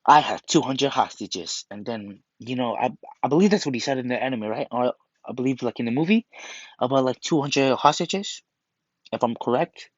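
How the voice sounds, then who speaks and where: A man's voice: mid-range voice, brisk, no echo. Rambling man retelling a story. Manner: rambling, full of restarts and fillers. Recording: muffled lo-fi dry recording.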